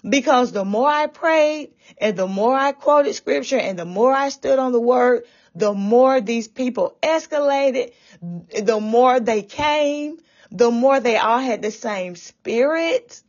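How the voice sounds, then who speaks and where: A woman recounts a dream as religious testimony, slowly and fervently, often close to tears. Her voice is breathy and sits fairly high. The recording is muffled and lo-fi. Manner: fervent, repetitive, often tearful. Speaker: testifying believer.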